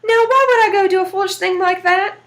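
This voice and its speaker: A woman's voice: very high voice, fairly quick, a bit bright, pitched above the performer's own voice. A woman doing a sly old trickster man.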